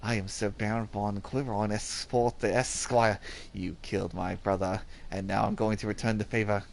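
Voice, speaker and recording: A man's voice: lowish voice, little pitch movement, moderate pace, vocal fry, a little hiss or hum. A man voicing a pompous, vengeful nobleman baron in a lordly tone.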